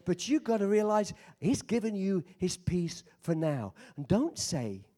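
A man preaching a sermon as a visiting preacher, impassioned, swinging between shouting and quiet storytelling, with joking asides. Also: sits high, very animated, a little slow.

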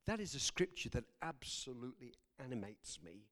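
A man preaching a sermon, animated and laughing between lines, swinging from loud exclamations to hushed, quiet passages. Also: medium pitch, normal speed.

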